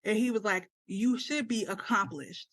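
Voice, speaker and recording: A young woman chats on a podcast, retelling stories with lots of drama and playful exaggeration. Her voice sits at an ordinary pitch. The sound is dry and close. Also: moderate pace, no room sound. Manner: animated storyteller, acts out quotes dramatically. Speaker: podcast co-host. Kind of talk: casual chat.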